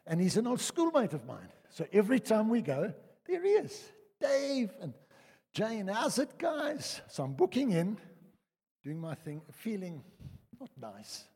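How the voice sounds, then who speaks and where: An older South African man preaching a sermon, telling personal stories in a chatty way that swings between loud and hushed. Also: fairly high pitch, slightly rough. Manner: conversational storytelling, lively swings from loud to hushed. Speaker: pastor. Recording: reverberant church hall.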